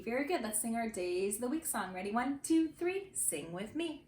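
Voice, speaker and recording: A woman teaching young children a morning lesson from her home, speaking slowly and clearly and leading them through chants and counting. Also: on the high side, animated, a little mellow, reverberant, a little hiss or hum.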